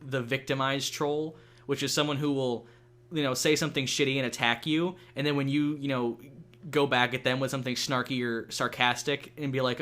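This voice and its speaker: A man's voice: mid-range voice, fairly bright tone. Rambling young man chatting over gameplay. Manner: rambling, many fillers and restarts, swears freely. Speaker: gaming channel host. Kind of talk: casual gameplay chat.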